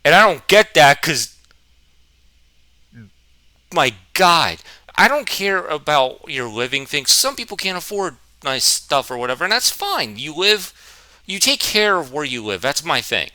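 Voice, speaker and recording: A man in his twenties telling a rambling, animated, self-mocking story in a vlog, a little out of breath. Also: a little high, measured pace, no echo. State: a bit out of breath. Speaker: vlogger.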